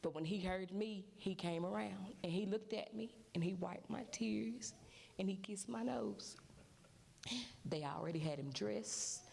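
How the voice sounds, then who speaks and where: Gravelly-voiced woman telling her story. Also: medium pitch, measured pace. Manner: animated storytelling, acting out what others said. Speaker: mother giving a testimony. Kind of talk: emotional personal testimony at a church service. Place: church sanctuary.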